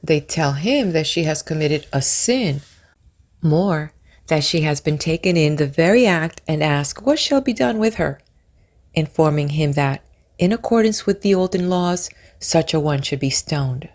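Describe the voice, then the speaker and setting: A woman narrates a book of spiritual wisdom in a slightly low voice. She reads with slow, reverent care, stretching her phrases and softening some lines almost to a whisper. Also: lively intonation. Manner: measured, drawn-out phrasing, dropping to a whisper at times. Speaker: audiobook narrator.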